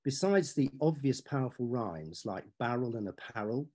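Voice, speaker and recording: A man's voice: mid-range voice, animated, darkish tone. A man, an author and poetry teacher, giving a talk and savouring the sound of the words as he reads verse aloud. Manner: measured, savouring delivery. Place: online forum talk.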